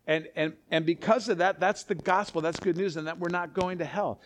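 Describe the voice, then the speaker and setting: Animated preaching man, a bit high. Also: brisk, slight background noise. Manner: animated, conversational preaching with asides and repetitions. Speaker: pastor. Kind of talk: sermon.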